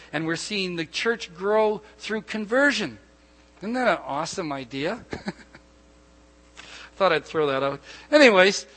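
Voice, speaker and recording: A middle-aged man preaches a sermon, telling stories in an animated way, full of asides and restarts. His voice sits high and sounds bright. It rings with the long reverb of a church hall. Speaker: pastor.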